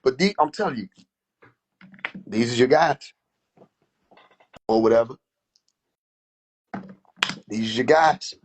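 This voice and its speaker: A man's voice: medium pitch, slow, pauses often, husky. A man hosting a live stream, boisterous and mocking in a casual rant, laughing often. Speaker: livestream host.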